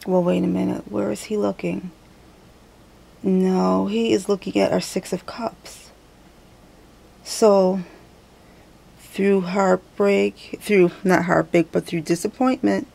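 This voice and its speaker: Woman host doing a casual card reading; slow and gravelly, talks it through out loud and corrects herself. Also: mid-range voice, level tone. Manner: chatty, thinks aloud, self-correcting. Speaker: tarot reader. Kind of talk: casual tarot reading to camera.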